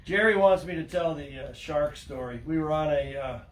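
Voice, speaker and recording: A man's voice: a little high, moderate pace, a little hiss or hum. An older man, a fishing captain telling sea stories in casual talk, acting out the voices of the people in them and laughing as he goes. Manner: animated storyteller, acts out quotes, laughs mid-story. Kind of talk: casual storytelling.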